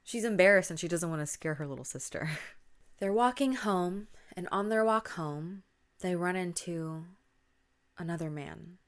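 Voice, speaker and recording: Low-voiced woman telling a spooky story. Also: lively intonation, moderate pace. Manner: chatty, drops to a whisper at tense moments. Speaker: podcast host. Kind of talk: casual spooky story retelling.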